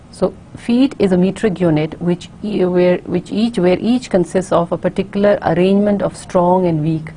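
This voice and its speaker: A woman giving a recorded university lecture, explaining carefully and often pausing on fillers and restarts. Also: lowish voice, warm tone, slight background noise.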